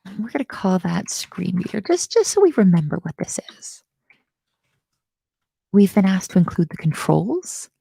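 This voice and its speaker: A woman's voice: medium pitch, big pitch swings, normal speed, gravelly, warm tone, breathy edge, no echo. A woman teaching web coding live, bubbly and self-mocking, often murmuring half-whispered asides. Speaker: coding instructor.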